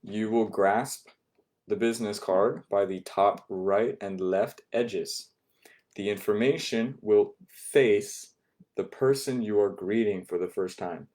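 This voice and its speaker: A man's voice: lowish voice, takes it slowly, dark tone. A man teaching an online Japanese class, patiently repeating words and checking in with "okay?" after each point.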